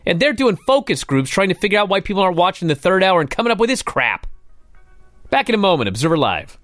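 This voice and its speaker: A man's voice: mid-range voice, a bit bright, no echo. A man hosting a talk radio show, ranting in a fired-up, exasperated way.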